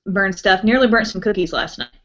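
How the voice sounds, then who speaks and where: A woman's voice: mid-range voice, brisk. A young woman chatting casually on a live stream at home, reading out viewer comments and giggling often. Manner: chatty, giggly, reacts brightly to viewer names. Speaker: beauty vlogger hosting a live stream. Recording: muffled, lo-fi webcam audio.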